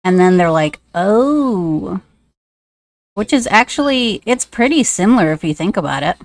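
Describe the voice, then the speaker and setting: A woman's voice: fairly low pitch, lively intonation, a little fast, dry recording. A woman streamer chatting casually and rambling, with many fillers, while she draws live. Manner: sing-song baby talk to a pet.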